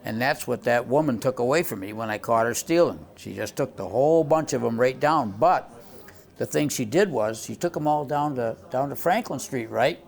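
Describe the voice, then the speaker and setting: Older man, gravelly, rambling tavern stories, many restarts. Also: medium pitch, expressive, moderate pace. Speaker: tavern owner telling stories. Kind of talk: rambling spoken anecdotes.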